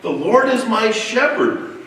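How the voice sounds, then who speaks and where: Pastor guy preaching, animated storyteller who trips over his words, big echo off the church walls. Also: high-pitched, a little slow, crowd noise. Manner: animated and storytelling, with stumbling restarts. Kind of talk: sermon. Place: church sanctuary. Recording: echoey church hall picked up from far off.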